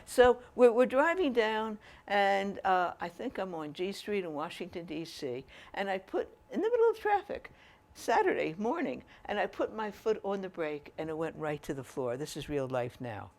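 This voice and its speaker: Older female storyteller, animated, creaky voice. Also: mid-range voice, moderate pace. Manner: chatty, animated, laughs while telling. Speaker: speaker telling stories to an audience. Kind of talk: storytelling talk.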